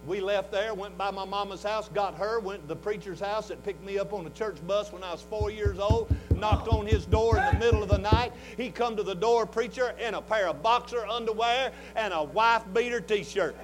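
A man in his sixties with a Southern US accent, preaching a fervent revival sermon in a folksy way that swings from hushed talk to shouting. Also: high-pitched, moderate pace, few pauses, over music, poor audio. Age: 60s.

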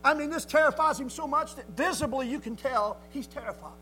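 A man preaching a sermon in a folksy, emphatic way, swinging from loud declarations to quiet asides. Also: extremely high pitch, brisk, a little hiss or hum, low-quality recording.

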